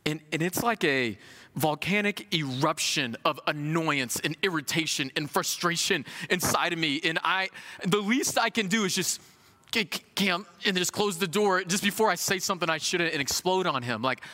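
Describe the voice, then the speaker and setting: A man in his thirties preaching a sermon in an animated, conversational way, with folksy asides. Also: on the high side, normal speed, big-room sound.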